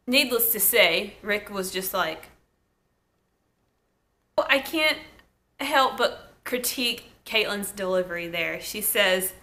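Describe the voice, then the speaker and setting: A woman recaps a TV episode in a relaxed, chatty way, peppering her review with "like," laughs, and asides. Her medium-pitched voice has lively intonation and a sharp edge, and she speaks slowly with frequent pauses.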